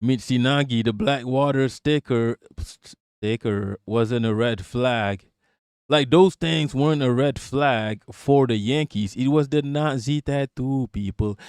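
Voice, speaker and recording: A man's voice: medium pitch, slow pace, darkish tone, clean tone, no echo, clean studio sound. Sarcastic, swearing male streamer. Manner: sarcastic, profane, talks back to chat. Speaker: streamer reacting to a clip and chat. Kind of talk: casual live-stream commentary.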